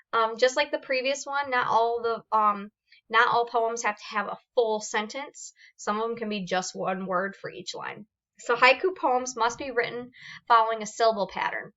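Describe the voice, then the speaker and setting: Bright-voiced woman teacher explaining poems. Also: a little high, lo-fi sound. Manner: explains step by step, reads examples aloud with fillers and restarts. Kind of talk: recorded classroom lesson on poetry forms.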